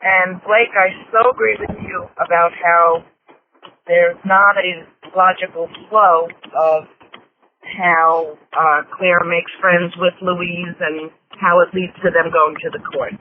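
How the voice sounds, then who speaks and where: Slow high-voiced man on a phone line. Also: level tone. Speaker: caller. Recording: phone line with faint noise.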